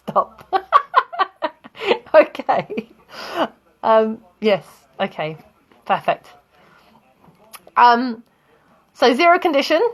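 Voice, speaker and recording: A woman's voice: a little high, fairly bright tone. A woman teaching English grammar in a live online lesson, chatting with students and laughing often.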